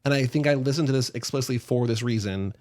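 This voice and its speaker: A man with a medium-pitched, darkish voice co-hosts a book podcast. He chats fast and casually and reads listener questions aloud.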